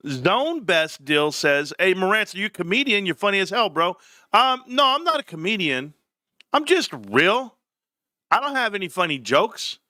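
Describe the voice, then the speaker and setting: A brash man hosts a casual livestream, joking with his viewers. His pitch swings wildly from low mutters to high yelps, and his voice is bright and sharp. The sound is dry and close. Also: no echo. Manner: brash, joking, jumps between low mumbles and high outbursts. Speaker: livestream host.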